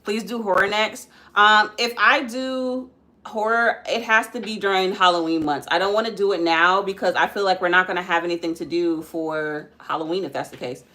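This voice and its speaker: Bright-voiced chatty young woman vlogging. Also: mid-range voice, steady tone, moderate pace. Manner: chatty, addresses viewers as guys, breaks off to scold her kids; frequent ums while working. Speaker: makeup vlogger and mother. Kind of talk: casual live-stream makeup chat.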